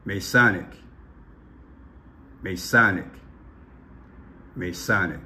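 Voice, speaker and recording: Low-voiced man, emphatic vlog talk. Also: unhurried, pauses often, sharp tone. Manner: emphatic, repeats phrases. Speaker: vlogger. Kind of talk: casual commentary.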